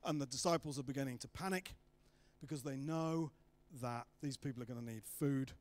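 A man preaching a sermon, telling the story with lively acted-out voices of the people in it. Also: mid-range voice, a little fast. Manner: animated storytelling, acting out voices of the disciples.

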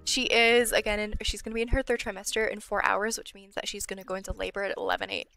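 A woman's voice: mid-range voice, steady tone, quick pace, gravelly, pushed and bright, soft background music. A young woman giving casual, chatty let's-play commentary on a life-sim game, sometimes dropping to a whisper. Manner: chatty, drops to whispers when worried. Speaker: gameplay channel host.

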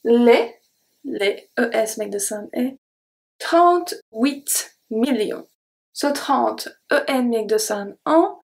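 Slow, patient woman teaching pronunciation. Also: on the high side, gravelly. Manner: repeats each word slowly, then explains the sounds. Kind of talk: slow word-by-word pronunciation lesson.

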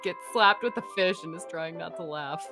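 A woman playing a tabletop game, lively and playful with her group. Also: lowish voice, over music. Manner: lively and playful, quick to joke. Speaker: player. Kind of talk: casual tabletop game play.

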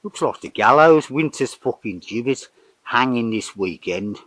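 A man's voice: medium pitch, lively intonation, a little slow, a bit bright, no room sound, low-quality recording. Older man, rambling and swearing constantly. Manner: rambling, swears in nearly every sentence. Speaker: vlogger narrating home renovation. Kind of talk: casual running commentary. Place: outdoors in a garden.

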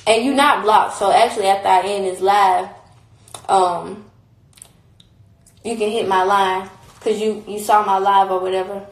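A woman's voice: medium pitch, steady tone, unhurried, pauses often, echoey room, rough recording. A young woman on a phone live stream, talking in a heated, blunt and repetitive way, with frequent swearing. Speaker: livestreamer. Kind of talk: casual livestream rant.

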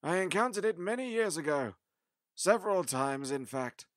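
A grave, weary time-traveller, played by a man in a fan audio drama, his high voice set close and dry. He speaks with heavy emphasis, as if carrying the weight of a long war. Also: expressive, normal speed, no room sound.

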